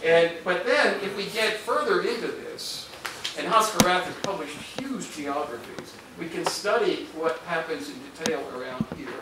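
An older man, a historian, giving a halting public lecture full of fillers and restarts to an audience in a hall. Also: a little high, expressive. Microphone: far room microphone. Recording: echoey hall, distant mic, noisy.

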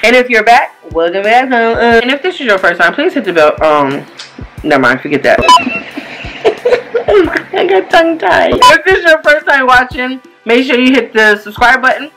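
A woman hosting a casual reaction video, loud and animated, laughing and cursing as she comments. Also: fairly high pitch, normal speed, music in the background, rough recording.

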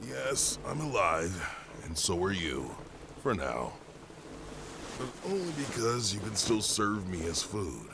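A gruff, menacing commander. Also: male voice, lowish voice, big pitch swings, slow, heavily acted. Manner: bossy and threatening. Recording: noisy game audio.

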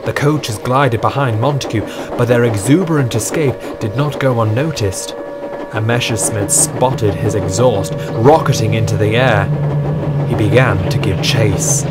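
A man's voice: medium pitch, normal speed, over loud music. Man narrating an audio storybook. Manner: steady, dramatic storytelling.

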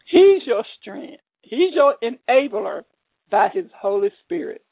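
A woman's voice: a little high, big pitch swings, slow, breathy edge, dry recording. Woman preaching a testimony sermon over a tinny phone line. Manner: emotional, repeating herself, rising to cries.

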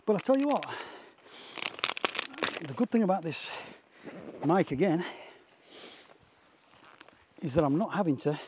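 A man's voice: a little high, sing-song, unhurried, long pauses, noisy background. Breathless chatty man hiking outdoors. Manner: chatty, self-mocking, swears casually. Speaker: landscape photographer vlogger. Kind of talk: casual outdoor vlog. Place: outdoors on a windy hill. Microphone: wireless clip-on mic.

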